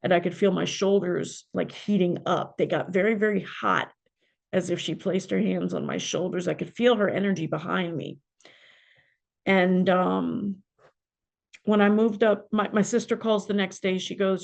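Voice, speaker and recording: A middle-aged woman, a podcast guest and spiritual mentor, telling a personal story in an emotional, halting way. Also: fairly low pitch, steady tone, gravelly, a little mellow. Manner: emotional, halting, with pauses and fillers.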